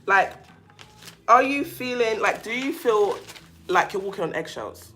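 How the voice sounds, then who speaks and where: A woman's voice: mid-range voice, expressive, measured pace, a bit bright, a little hiss or hum. A woman hosting a casual livestream, chatting to her viewers with lots of fillers and restarts, and reading out their comments as she goes. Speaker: livestream host on narcissistic abuse.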